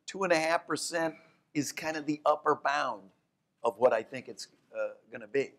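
A man, an economics professor, talking onstage in a lively, fast way that often breaks off and corrects itself. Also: a little high. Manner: animated, talks in quick bursts, restarts and corrects himself. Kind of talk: onstage conversation.

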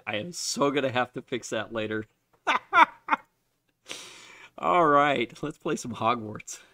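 Brief: lively, up-and-down man, casual game streamer, dry close sound. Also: mid-range voice, no echo. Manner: chatty, laughs often, self-mocking. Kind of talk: casual live-stream chat. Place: unfinished home basement.

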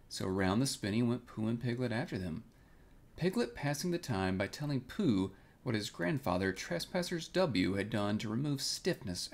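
Gravelly-voiced man reading a bedtime story. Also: medium pitch. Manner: calm, expressive reading. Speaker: storybook reader.

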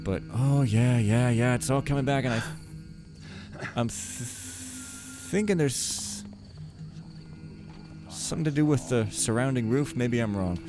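Speaking slowly at medium pitch, this let's play host leaves long pauses between his rambling remarks. He jokes wryly and talks to himself during play, with game music underneath.

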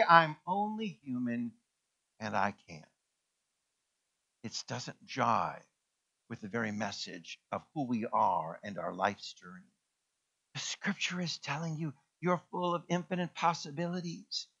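A male pastor preaching a sermon, building to loud proclamations and leading the congregation to repeat after him. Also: a little high, animated, measured pace, lo-fi sound. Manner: preaching with rising proclamations and call-and-response.

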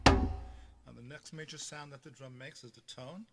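A man's voice: medium pitch, fairly even intonation, normal speed, over loud music. A man teaching a live-streamed beginner drum lesson, explaining hand technique step by step and checking in with a frequent "okay". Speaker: drumming teacher. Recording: roomy reverb with drum sounds behind. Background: drumming between phrases.

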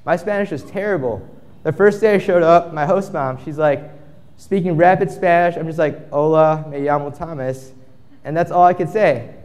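His voice is high and a little mellow, at an ordinary pace, trailed by a long reverb. He's a young man in his twenties on a conference stage, giving a relaxed storytelling talk and acting out what people said.

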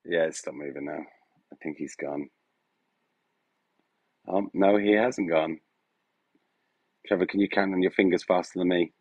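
A man's voice: deep voice, unhurried, long pauses, a little mellow, dry recording, muffled recording. A man hosting a live stream, talking in a hesitant, rambling way full of fillers, his voice turning emotional at moments. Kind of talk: casual live-stream chat. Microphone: phone.

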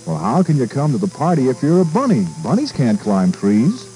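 A man's voice: medium pitch, wildly swooping pitch, a little fast, warm tone, soft background music, voice pushed up, rough recording. A man voicing a family of chattering squirrels who sound chirpy and matter-of-fact.

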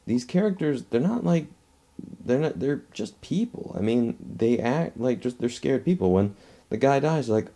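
A man's voice: mid-range voice, animated, normal speed, warm tone. A man giving a casual movie review, rambling and restarting his phrases as he talks at home.

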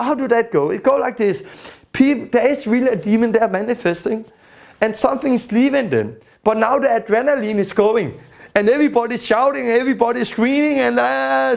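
Gravelly high-voiced male teacher. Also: darkish tone. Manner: storytelling, acts out the people he quotes. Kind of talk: teaching lesson.

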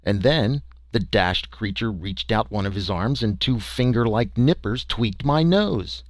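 A man's voice: fairly low pitch, animated, a little slow, no echo. A man reading a story as a first-person audiobook narration, in a folksy, conversational way with small hesitations.

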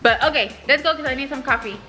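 A woman's voice: sits high, quick pace, bright, forceful tone, soft background music. Chatty young woman vlogging. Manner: chatty, giggly, playful. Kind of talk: casual vlog chat to camera.

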